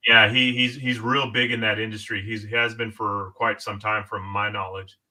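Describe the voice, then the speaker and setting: A man co-hosting a casual toy chat show, excitable and cursing often. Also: on the low side, normal speed. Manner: excitable, swears freely, repeats "dude". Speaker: co-host.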